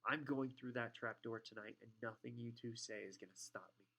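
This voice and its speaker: Guy reading a fired-up schoolboy, low and urgent, defiant, in his own voice. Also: fairly even intonation, a little fast, fairly bright tone.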